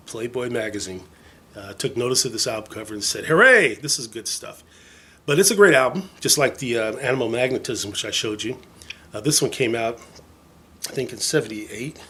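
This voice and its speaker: A man's voice: medium pitch, a bit bright, a little hiss or hum. A man casually showing off his record collection in a vlog, enthusiastic and rambling, full of fillers and jokey asides. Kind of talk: casual show-and-tell vlog.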